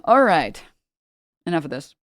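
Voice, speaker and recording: A woman's voice: sits low, very animated, a little slow, no room sound, clean studio sound. A woman streamer chatting casually and mocking her subject with sarcasm. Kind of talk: casual chat.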